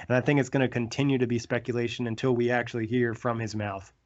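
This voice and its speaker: A man hosting a sports podcast, talking in a relaxed way with lots of "like" fillers. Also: mid-range voice, fast, lo-fi sound. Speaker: podcast host. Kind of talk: casual sports podcast chat and read ads.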